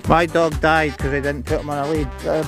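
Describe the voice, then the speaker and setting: Walking his dog outdoors through a park and beside roads, a Scottish man keeps up casual live-stream chat, joking, cursing and barking orders at the dog. He speaks on the high side with little pitch movement and a slightly quick pace, over background music.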